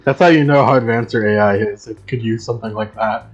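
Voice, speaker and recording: Male player, husky voice, swears and jokes, muffled lo-fi sound. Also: on the low side, fast talker. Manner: joking, swears. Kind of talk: casual tabletop chat. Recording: dull lo-fi recording.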